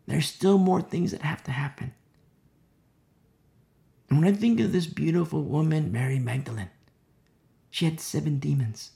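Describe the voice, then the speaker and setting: Gravelly-voiced man preaching a sermon. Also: a little high, moderate pace, long pauses, dark tone. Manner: conversational, filler-heavy preaching with acted quotes, dropping to whispers. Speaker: pastor.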